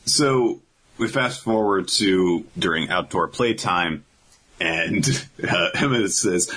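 A man's voice: low-pitched, slow, low-quality recording. A man casually recapping a comic chapter on a podcast, acting out the characters as he goes. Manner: animated retelling, acts out characters. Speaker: podcast co-host.

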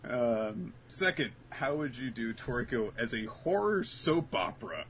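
A man's voice: mid-range voice, animated, measured pace. Wisecracking man on a noisy podcast mic. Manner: dry wisecracks, reads questions aloud. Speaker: podcast co-host reading listener questions. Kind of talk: casual podcast banter. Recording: noisy recording.

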